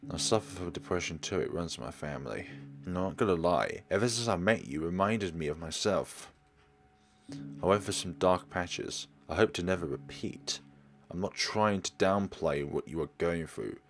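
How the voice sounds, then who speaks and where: A man reading a calm, caring companion, deep voice. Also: normal speed. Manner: gentle, reassuring, earnest. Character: calm, caring young man who tends wounds.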